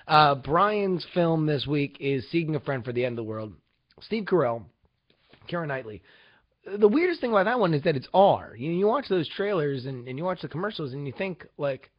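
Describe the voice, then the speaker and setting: A young man rambles through casual host commentary, swearing freely and turning sarcastic. His pitch swings up and down with lively energy. The recording is dull and lo-fi. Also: brisk. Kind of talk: casual talk-show commentary.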